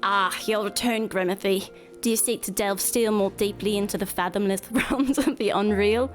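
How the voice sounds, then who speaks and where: A woman voices a smug, scheming male guildmaster in a game, using a put-on accent and a grand, formal delivery. Her voice is medium-pitched, close to an everyday voice, with fairly even intonation and moderate pace, and faint music plays behind.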